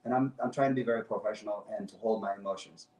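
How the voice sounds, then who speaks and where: A man's voice: fairly low pitch, rapid-fire, darkish tone, echoey room, recorded from a distance, rough recording. A man speaking as a guest on a talk show, passionate and emphatic, often repeating his phrases. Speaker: guest activist. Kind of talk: impassioned talk show speech.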